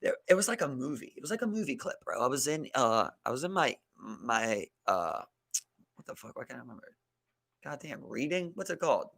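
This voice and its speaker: A man's voice: mid-range voice, very animated, fairly quick, vocal fry, fairly bright tone. A young man co-hosting a podcast, telling a profane story in casual chat and leaning heavily on "like" and "bro.". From Maryland. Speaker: podcast co-host.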